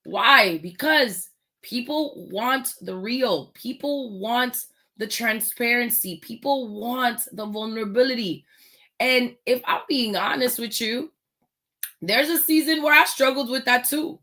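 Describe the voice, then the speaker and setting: A woman hosting a motivational talk, speaking slowly and emphatically and pausing on pointed rhetorical questions. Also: a little high, sharp tone. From United States. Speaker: host.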